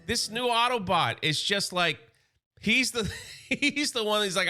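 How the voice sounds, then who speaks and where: A man recapping a comic book in a casual, slangy, excited way. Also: high voice, a little slow.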